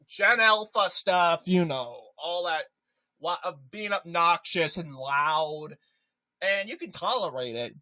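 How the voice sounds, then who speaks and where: A political commentator ranting in an animated, emphatic way, often repeating a point for effect. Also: medium pitch, low-quality recording.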